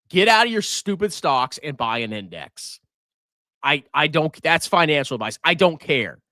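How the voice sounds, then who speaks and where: A man's voice: a little high, sharp tone, dry recording, studio quality. A man hosting a live finance stream, giving brash, mocking market commentary and laughing often. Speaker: finance livestream host.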